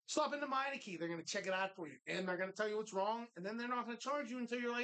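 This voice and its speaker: Man, host, live bar show, bright tone, profane jokey banter. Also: sits high, rapid-fire, few pauses, clear, resonant tone, low-quality recording. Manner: profane, jokey, reads sponsor plugs with mock voices.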